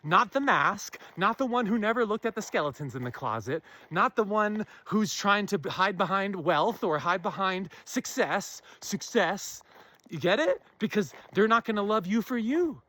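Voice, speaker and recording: Woman speaker, earnest solo talk to camera, slows to stress key phrases, asks listeners questions. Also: medium pitch, expressive, fairly bright tone. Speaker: self-help speaker. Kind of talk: impassioned spiritual monologue.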